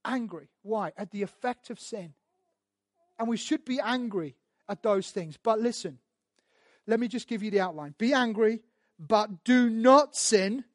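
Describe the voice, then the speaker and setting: A man preaching a sermon as a pastor, emphatic and repetitive, swelling louder as he drives his points home. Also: high-pitched, normal speed, long pauses, no room sound, studio quality.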